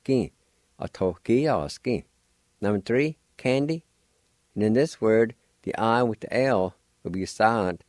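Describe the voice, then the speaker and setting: A man hosting a radio language lesson, spelling and pronouncing words slowly and deliberately, letter by letter. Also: on the low side, lively intonation, no room sound. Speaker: radio language teacher and host.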